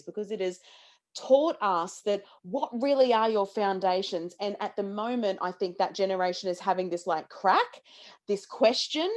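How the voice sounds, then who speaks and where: A woman in her thirties, a podcast co-host, talking in a lively, casual way with lots of restarts and the odd swear word. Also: mid-range voice. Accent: Australian. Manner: animated, swearing, many restarts. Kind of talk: casual astrology chat.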